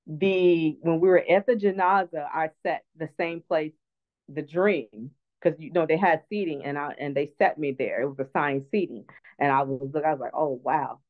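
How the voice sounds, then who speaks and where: A woman's voice: sits low, normal speed. A woman guest speaker, earnest and reflective, telling a personal story in an online talk. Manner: earnest, reflective, many restarts. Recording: tinny phone-line audio.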